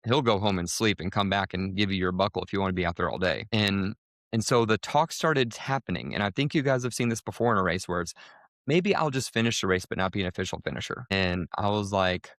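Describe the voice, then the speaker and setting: Man, podcast co-host, low voice, dry close sound, animated storyteller. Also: moderate pace, no echo. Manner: animated, jumps pitch for quoted lines. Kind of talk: casual storytelling.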